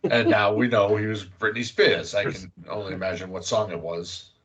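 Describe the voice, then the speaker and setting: Here a man's slightly low, somewhat bright voice moves at normal speed with little change in pitch. He's a podcast host casually going over a film, rambling along with fillers and occasional swearing.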